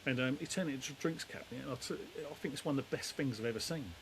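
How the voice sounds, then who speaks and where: A man's voice: mid-range voice, rapid-fire, a little hiss or hum, low-quality recording. A middle-aged man, a demolition company head, telling stories in a rambling, down-to-earth way. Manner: rambling, down-to-earth, lots of fillers. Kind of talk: casual storytelling chat.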